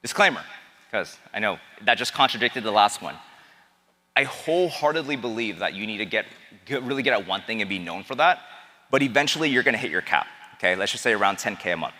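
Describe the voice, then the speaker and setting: Man, seminar coach, animated pitch, event hall echo. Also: quick pace. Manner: animated, asks the crowd questions. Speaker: business coach speaking to an audience. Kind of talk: energetic seminar talk. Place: event hall with a live audience. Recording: long hall reverb.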